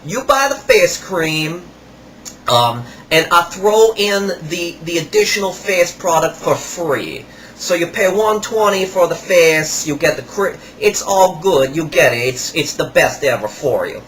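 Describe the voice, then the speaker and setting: A man voicing a pushy male kiosk salesman with a Russian accent, speaking slow, broken English in an insistent sales pitch. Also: animated, fairly bright tone, a little hiss or hum.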